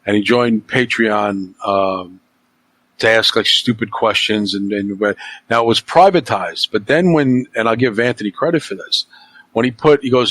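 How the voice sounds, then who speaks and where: A man's voice: mid-range voice, normal speed, a bit bright, no room sound. A man hosting a podcast, ranting heatedly and with a lot of swearing in casual chat. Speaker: podcast host.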